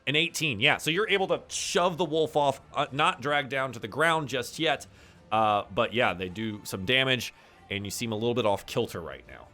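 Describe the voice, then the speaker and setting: A man narrating a tabletop game as game master, playful and full of fillers. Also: on the low side. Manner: lively and playful, with many fillers.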